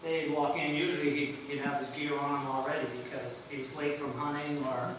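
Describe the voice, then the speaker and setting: Halting man telling stories in an echoey hall. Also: a little high, flat delivery. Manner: rambling, halting, laughing through stories. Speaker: eulogist, former jockey. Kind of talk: anecdotal memorial speech. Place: memorial service venue. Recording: echoey hall, mic from far off, noisy.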